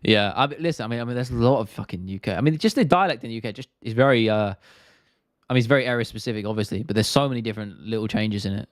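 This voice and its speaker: A man's voice: fairly low pitch, very fast, no room sound, clean studio sound. A man with a South London accent hosting an MMA live stream, chatting casually and bluntly while reading viewer comments. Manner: chatty, blunt, swears freely, drops T's.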